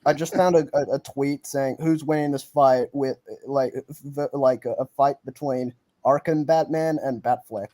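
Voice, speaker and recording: A man's voice: medium pitch, fairly even intonation, moderate pace, few pauses, mellow, no echo. A man in a casual stream chat who talks in a laid-back way, swears and repeats himself. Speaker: guest.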